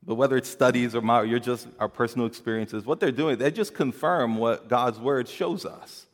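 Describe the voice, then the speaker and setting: A man preaching a sermon in an earnest way, moving from hushed, quiet passages to rising emphasis and often repeating his words. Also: mid-range voice, normal speed, big-room sound. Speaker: pastor.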